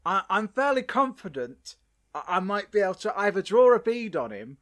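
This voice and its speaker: A man's voice: sits high, sing-song, normal speed, a bit bright. A man hosting a casual podcast chat, playful, with stammering restarts. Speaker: podcast host.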